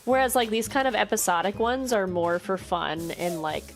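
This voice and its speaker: Chatty, excitable woman streamer. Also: medium pitch, gravelly, faint music behind. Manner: chatty and excitable, full of "like" and quick reactions. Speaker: live streamer. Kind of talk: casual chat while playing a game on stream.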